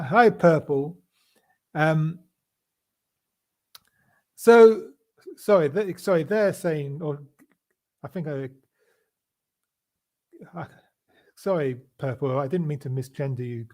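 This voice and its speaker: Slow, halting man with mellow tone. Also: a little high. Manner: halting, many restarts and fillers. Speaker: podcast host. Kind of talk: casual political chat.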